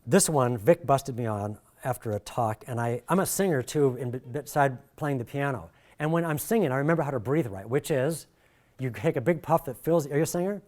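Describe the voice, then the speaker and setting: A middle-aged man leading a workshop, talking in a jokey, animated way and swinging his pitch and volume a lot. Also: fairly quick. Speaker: workshop presenter. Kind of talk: lively workshop talk.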